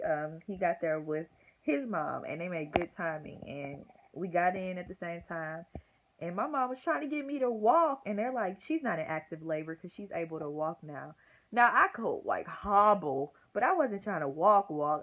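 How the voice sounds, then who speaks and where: A young woman vlogger telling a story casually and acting out the quotes with groans and whispers. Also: on the low side. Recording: tinny phone-like audio with faint hiss.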